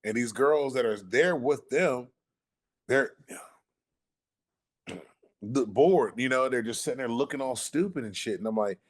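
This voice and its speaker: A man of middling pitch hosting a podcast, spinning a story in a loose, unhurried way. He drawls through some phrases and swears freely. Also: expressive. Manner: laid-back, profane storytelling that drawls at times. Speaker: podcast host. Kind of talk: casual chat.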